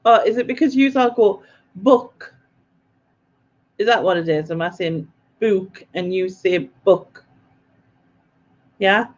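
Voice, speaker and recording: A woman's voice: mid-range voice, highs cut off. A woman hosting a live quiz stream, chatty and self-mocking, laughing often as she reads out viewer comments. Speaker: quiz host.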